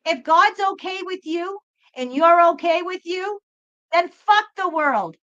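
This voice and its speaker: A woman with a very high voice and lively intonation speaks at a measured pace, her tone fairly bright. As a tarot reader and spiritual channel host, she gives a blunt pep talk laced with emphatic swearing, captured in slightly dull lo-fi sound.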